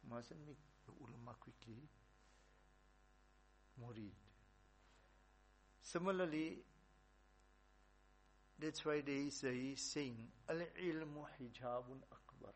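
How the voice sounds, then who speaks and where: A man's voice: medium pitch, a little hiss or hum. A man preaching a religious talk, telling stories and repeating his points emphatically. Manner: repetitive, emphatic. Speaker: religious teacher. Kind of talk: sermon with storytelling.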